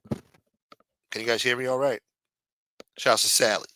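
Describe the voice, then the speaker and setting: A man's voice: medium pitch, steady tone, measured pace, sharp tone, rough recording. A man on a livestream ranting angrily and scolding a viewer, with lots of profanity. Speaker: livestream co-host. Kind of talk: heated livestream rant.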